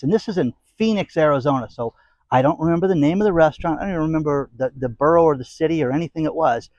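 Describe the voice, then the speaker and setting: A middle-aged man who hosts a commentary channel rants bluntly and emphatically to camera, throwing in sarcastic asides and repeating phrases. His voice is high-ish, a little mellow and very fast, and the recording is dry and muffled.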